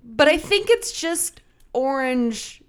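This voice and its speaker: A woman co-hosting a casual podcast, reacting with wry, deadpan quips. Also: high-pitched, slow pace. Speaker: podcast co-host. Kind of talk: casual chat.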